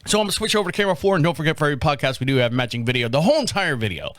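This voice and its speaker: Lively high-voiced joking male podcast host. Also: racing, dry recording. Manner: joking, crude, laughs at his own remarks. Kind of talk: casual comedic commentary.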